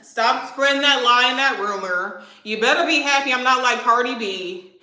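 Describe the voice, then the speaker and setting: A woman in her twenties vents on her vlog, brash, profane and defiant as she answers comments. Her voice sits a little high and comes across tense and cutting. The room around her rings with echo. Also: moderate pace, bright, forceful tone. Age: 20s. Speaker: vlogger answering viewer comments. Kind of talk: heated livestream rant. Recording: echoey room.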